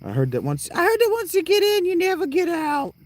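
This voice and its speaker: A man voicing a shrill, excitable game character who squeals every line far above a normal register. The delivery is breathless and loud, like a cartoonish storyteller caught up in a rumor. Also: a little fast, no echo, exaggerated voice. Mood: excited. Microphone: clip-on mic.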